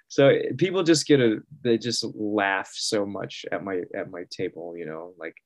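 Guy telling stories on a podcast, kinda low voice, super dry sound, laughs a lot. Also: measured pace, dry recording. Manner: animated, laughs often, acts out other people's voices. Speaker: guest artist. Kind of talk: casual storytelling.

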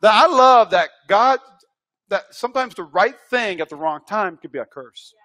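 High-voiced preaching pastor, emphatic. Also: male voice, animated, moderate pace. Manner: emphatic preaching, swings from hushed to loud. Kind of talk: sermon.

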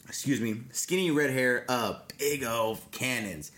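A man's voice: medium pitch, slow pace, fairly bright tone. Rambling, joking man on a podcast. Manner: joking, rambling storyteller with crude humor. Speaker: podcast co-host. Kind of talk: casual podcast chat.

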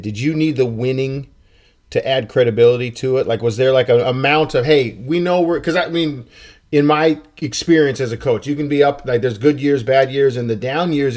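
A man's voice: medium pitch, darkish tone. A man who coaches, hosting a casual interview and asking long, rambling questions. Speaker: podcast host and coach.

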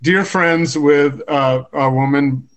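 A man's voice: on the high side, takes it slowly. A man hosting a casual podcast interview, asking curious questions. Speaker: podcast host.

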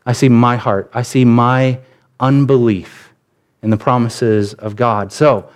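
Telling personal stories with animated shifts, a male pastor in his thirties delivers a candid, conversational sermon. His medium-pitched voice is slow, clear and resonant.

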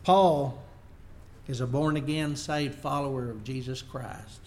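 A man's voice: mid-range voice, fairly even intonation, a little slow, darkish tone, a little hiss or hum. A man preaching a sermon, reading Bible verses aloud and then explaining them in plain words. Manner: unpolished, working slides as he goes.

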